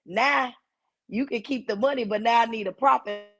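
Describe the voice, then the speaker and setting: A woman's voice: on the high side, normal speed, dull audio. Woman with a heavy, punchy voice. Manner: animated storyteller who acts out quoted voices. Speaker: guest comedian. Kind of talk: casual storytelling chat.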